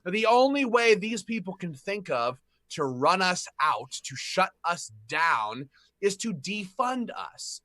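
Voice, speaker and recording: A man leading a gun rights group, talking passionately on a panel and rising to shouts. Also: high voice, big pitch swings, slow, no echo. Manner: fiery, rises to shouting. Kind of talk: impassioned panel talk.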